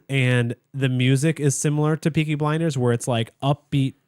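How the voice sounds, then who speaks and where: A man's voice: medium pitch, steady tone, moderate pace, a little mellow, clear, resonant tone, no echo. A young man co-hosting a podcast in a studio, telling a long story in casual chat, full of fillers and restarts. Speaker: podcast co-host.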